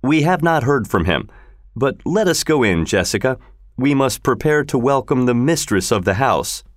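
A man voicing a courteous young gentleman who speaks warmly in a storybook reading. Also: medium pitch, very animated, normal speed, no echo, studio quality, voice pushed up, lightly acted. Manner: warm, courteous.

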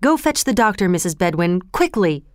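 A woman voicing a protective older gentleman who gives firm, commanding orders. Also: mid-range voice, sing-song, moderate pace, no echo, studio quality, natural voice.

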